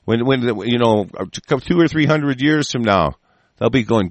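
A male host in a furious, profane rant who keeps stumbling over and restarting his phrases. His voice sits in an ordinary middle pitch, recorded dry and close with no room sound. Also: expressive, measured pace, no room sound. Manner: heated, profane, repeats and restarts.

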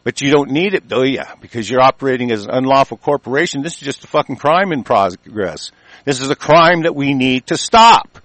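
A man delivering an angry, heated political rant full of profanity, with sudden louder bursts. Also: medium pitch, animated, brisk, no echo.

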